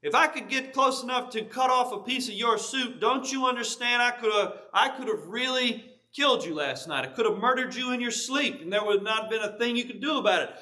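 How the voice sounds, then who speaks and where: Brief: earnest young warrior played by a male preacher, bright and firm, restrained, pleading. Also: very high-pitched, brisk, voice pushed up.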